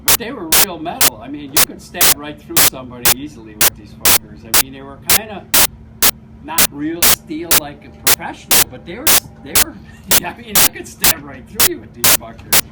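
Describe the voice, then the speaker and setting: Animated man telling a story. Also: fairly high pitch, moderate pace, recorded from a distance, loud music behind the voice, poor audio. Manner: animated, profane, acts out quotes. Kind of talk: casual storytelling among friends. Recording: loud background noise.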